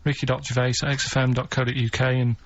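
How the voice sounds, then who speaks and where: An English man presenting on comedy radio, reading out a quiz in a dry, deadpan way. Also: mid-range voice, fast. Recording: dull, slightly noisy archived radio clip.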